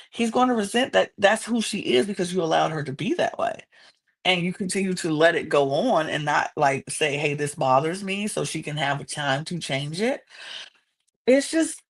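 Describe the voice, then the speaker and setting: A woman hosting a podcast, recapping a reality show in casual, animated chat. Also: lowish voice, creaky. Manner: chatty, animated, quotes people in exaggerated voices.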